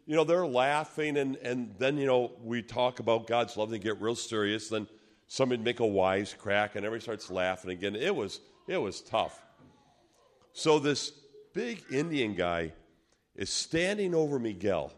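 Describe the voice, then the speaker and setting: Guy preaching a story, really lively up-and-down voice, does all the voices himself. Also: fairly low pitch, moderate pace. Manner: animated storyteller who acts out quoted voices. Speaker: preacher telling a testimony. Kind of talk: sermon storytelling.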